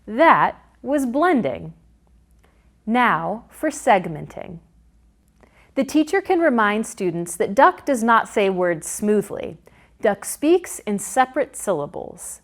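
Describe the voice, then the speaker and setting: A woman narrating a phonics lesson for teachers in a slow, clear way, sounding out words syllable by syllable. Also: mid-range voice, sing-song. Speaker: teacher trainer. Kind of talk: instructional narration.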